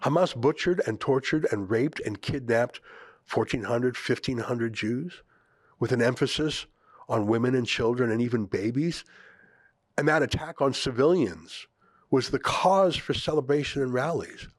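A man's voice: mid-range voice, moderate pace, dry recording. Emphatic man hosting opinion commentary. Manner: emphatic, with sarcastic rhetorical questions. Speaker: host.

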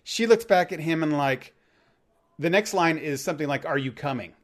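Casting: male podcast host, slightly high voice, lively rambling storyteller. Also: moderate pace. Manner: animated storytelling, rambling with restarts. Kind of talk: casual movie discussion.

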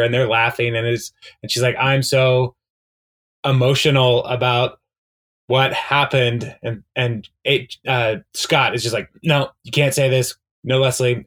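A man's voice: mid-range voice, fairly bright tone. A man co-hosting a podcast, casually recapping a TV episode in a rambling way, with lots of fillers and frequent laughs. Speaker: podcast co-host.

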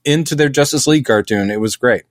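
Animated man with a dry close sound. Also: mid-range voice, fast, dry recording. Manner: animated, acts out quotes in silly voices. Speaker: podcast co-host. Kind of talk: casual chat.

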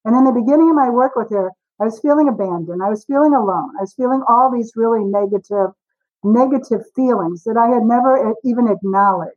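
A woman in her forties, a guest author on a podcast interview, telling stories with lively acted-out dialogue. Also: fairly high pitch, fast talker, lo-fi sound. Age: 40s. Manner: animated storyteller, acts out dialogue.

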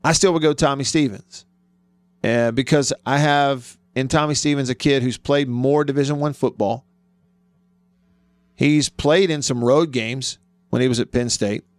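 A male sports radio host making his case with emphatic, argumentative commentary. His voice is smooth and resonant, sitting in a middle pitch. The sound is dry and close, with no room around it. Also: steady tone, measured pace, dry recording. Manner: emphatic, argumentative, thinks aloud with restarts. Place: radio studio.

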